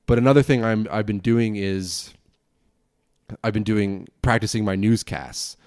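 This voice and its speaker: A young man hosts his own podcast alone, talking a mile a minute in loose, rambling sentences full of restarts and casual swearing. His voice sits a little low. The sound is dry and close, with no room echo. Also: a little mellow, smooth. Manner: fast rambling talk, frequent swearing and restarts. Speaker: podcast host and broadcasting student.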